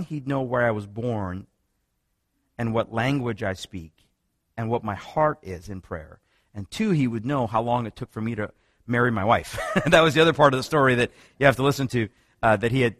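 A man preaching in a sermon-style teaching talk, with a middle-pitched voice. He tells stories with rising energy and often restarts his sentences. The sound is dry and close, with no room echo. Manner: animated storytelling, many restarts, rising pitch when excited. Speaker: preacher teaching on another religion.

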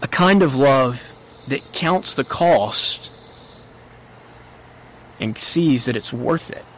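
A man's voice: animated, drawn-out words, a bit bright, slight background noise, poor audio. Earnest male preacher, faint crickets behind. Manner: earnest, rising pitch on quoted lines. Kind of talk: sermon.

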